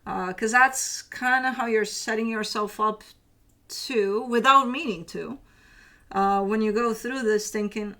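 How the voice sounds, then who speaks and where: A woman's voice: mid-range voice, normal speed, pushed and bright. A woman giving a casual tarot reading, chatty and loose, swearing now and then and slipping into teasing asides. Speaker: tarot reader.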